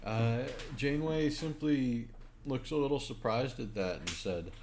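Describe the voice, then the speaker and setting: A man narrating as game master of a tabletop game, halting with many fillers. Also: mid-range voice, a little mellow, slight background noise.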